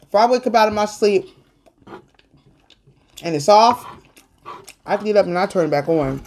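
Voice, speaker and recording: A woman host speaking earnestly about faith and perseverance in a casual chat, talking like a sermon and protesting loudly when teased. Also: mid-range voice, lively intonation, moderate pace. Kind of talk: casual faith talk on an eating show.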